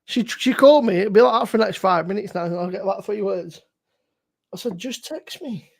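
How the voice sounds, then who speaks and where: A man's voice: high-pitched, brisk, creaky, a little mellow. A man, hosting a casual live beer stream, teasing and swearing at his friends. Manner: sweary, teasing, mock-indignant.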